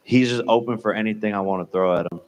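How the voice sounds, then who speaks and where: A man's voice: fairly low pitch, fast talker, a little mellow. A male fighter trash-talking an opponent at a press conference. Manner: cocky trash talk.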